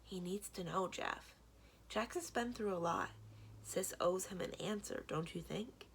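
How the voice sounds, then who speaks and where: A woman's voice: fairly low pitch, unhurried, vocal fry, a little hiss or hum. A woman voicing an earnest, loyal young boy in a read-aloud storybook, sounding eager.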